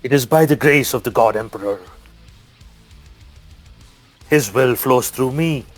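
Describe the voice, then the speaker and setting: A man's voice: medium pitch, brisk, faint music behind, close to an everyday voice. A man playing a zealous holy warrior who speaks in fervent, declaiming lines. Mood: devout.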